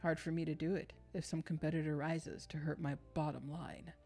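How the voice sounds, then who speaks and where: Lady doing a smug controlling middle-aged father, talking down, soft music under it. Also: deep voice, little pitch movement, fairly quick, voice pushed down. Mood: condescending. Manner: lecturing, condescending. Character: domineering passive-aggressive middle-aged father. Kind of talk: reading game dialogue aloud.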